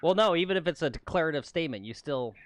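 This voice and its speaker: A man's voice: a little high, lively intonation, quick pace, no room sound. A man co-hosting a golf livestream outdoors on the course, chatting casually and laughing often.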